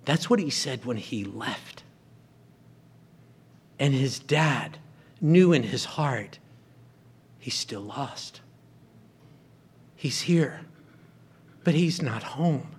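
A man's voice: mid-range voice, animated, drawn-out words, long pauses, husky. A man preaching a sermon, retelling a story and acting out the characters' lines.

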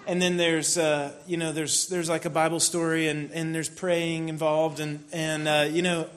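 A man preaching a sermon in a relaxed, conversational storytelling way, with sudden bursts of mock frustration. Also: a little high, normal speed. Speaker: pastor.

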